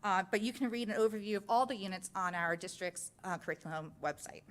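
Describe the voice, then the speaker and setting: A woman's voice: mid-range voice, fast talker. A woman presenting a science curriculum at a school board meeting, walking through slides step by step in an explanatory way. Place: public meeting room.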